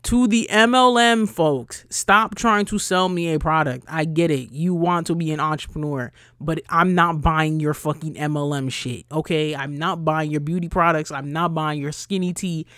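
A young woman from New ranting bluntly as a podcast host, swearing freely and her voice jumping loud and high when she gets riled. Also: normal speed, few pauses, dry recording, studio quality. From New York, USA. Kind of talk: casual ranting monologue.

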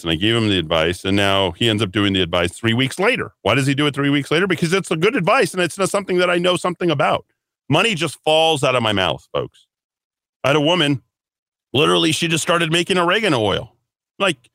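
A man's voice: fairly high pitch, very animated, fast talker, bright, forceful tone, no echo. Male talk radio host, emphatic and rambling, sarcastic asides, dry close studio mic. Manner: rambling, emphatic, addresses listeners as folks; frequent restarts and sarcastic asides. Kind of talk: opinionated political talk radio.

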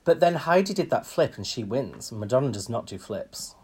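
A man's voice: mid-range voice, big pitch swings, normal speed, darkish tone, slightly rough. A man co-hosting a podcast, chatting casually and opinionated, with frequent ums. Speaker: podcast co-host. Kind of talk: casual chat.

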